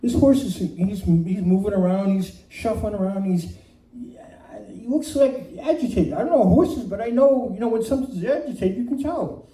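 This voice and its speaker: Animated, self-mocking male storyteller. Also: high-pitched, normal speed. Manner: animated and self-mocking, laughing through lines. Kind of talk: live comic storytelling. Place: community center room. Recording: echoey room from far off, faint noise.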